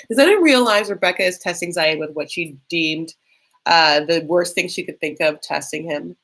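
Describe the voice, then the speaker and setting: A woman's voice: on the low side, moderate pace, creaky, a bit bright, husky. A woman hosting a live stream, reacting to a reality show in a chatty, sarcastic, theatrical way. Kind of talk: casual live reaction chat.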